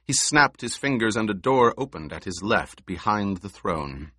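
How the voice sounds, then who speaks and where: A man reading an audiobook in a measured, expressive manner, recorded close to the mic. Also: fairly low pitch, no room sound. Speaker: audiobook narrator. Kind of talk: scripted narration.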